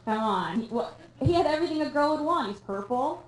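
A young woman from Canada performing a stand-up comedy set on a theatre stage, deadpan and self-mocking with quick asides. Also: a little high. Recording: echoey room, live audience.

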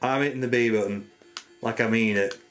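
A man's voice: medium pitch, fairly even intonation, brisk, fairly bright tone, faint music behind. A man hosting a casual video game session with friends, chatty and jokey, often laughing. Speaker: host. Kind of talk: casual chat while playing a video game.

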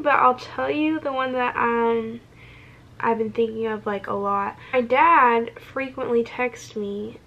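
A woman's voice: high-pitched, bright, forceful tone. A young woman chatting casually while doing her makeup, candid and laughing, swearing freely. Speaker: beauty vlogger.

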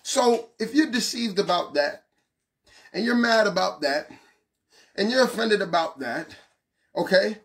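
A man preaching a passionate sermon, asking the listener questions and shouting some lines. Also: high voice, animated, measured pace, long pauses. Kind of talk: fiery street-style sermon.

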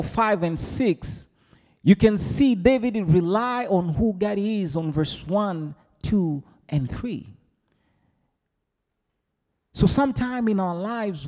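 A male pastor delivers a lively sermon, his fairly high voice swooping up and down. His words ring out with a long reverb from a large church hall. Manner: animated preaching, mimics congregation voices.

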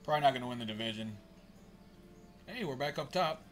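Bright-voiced, cursing male streamer. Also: mid-range voice, lively intonation, fast, soft background music. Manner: frustrated, profane, grumbling at the game. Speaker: live streamer. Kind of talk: live gameplay commentary.

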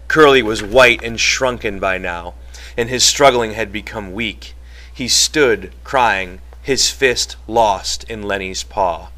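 Bright-voiced male audiobook narrator. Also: fairly low pitch. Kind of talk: novel reading.

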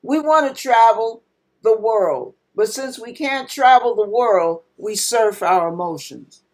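A woman's voice: on the high side, takes it slowly. A woman pastor preaching a sermon in an emphatic manner, acting out panicked cries now and then.

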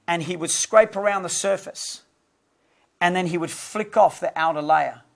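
A man teaches like a preacher, his voice sitting noticeably high. He builds his points with passionate emphasis, pressing each line toward the congregation in a sermon-style lesson.

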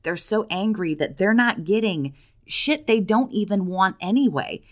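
A woman's voice: medium pitch, animated, measured pace. A woman speaking as a coach to abuse survivors in a direct monologue, blunt and profane, firing challenging questions at the viewer.

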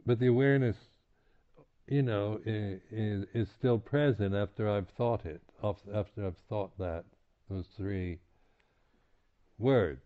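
Speaking on the low side, a meditation teacher gives a reflective dharma talk at a retreat. He proceeds haltingly, with lots of restarts and repeated words, softly chuckling between points. The audio quality is tinny and phone-like.

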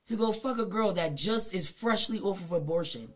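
A woman live streamer telling a blunt, profane story to her chat at home, her voice swinging between hushed and loud. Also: mid-range voice, very animated, normal speed, slightly rough. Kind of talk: casual confessional storytelling to chat.

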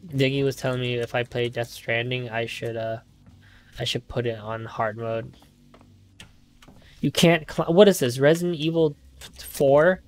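A male streamer talks through a game as he plays it, in a voice of middle pitch. He rambles, jumps at the scares and swears a lot, nervous the whole time. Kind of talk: live gameplay commentary.

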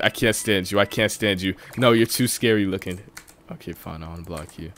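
A young man live-streaming a video game, reading his chat aloud and reacting with loud outbursts and quiet mumbling. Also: low-pitched, moderate pace, soft background music. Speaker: livestreamer. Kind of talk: casual live-stream chatter while gaming.

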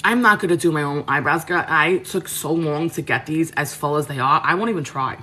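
A woman talks frankly and casually to viewers on a live stream from her home kitchen. Her voice is bright and forward, sitting a little low for a woman. She rambles with fillers and quick restarts. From Queens, New York. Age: 30s. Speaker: cooking livestream host.

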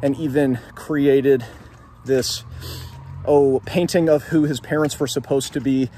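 A man's voice: medium pitch, fairly even intonation, unhurried, dark tone, a little hiss or hum. A young man hosting a casual video about a novel, talking while walking along an outdoor street. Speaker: literature video host. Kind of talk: casual literary discussion vlog.

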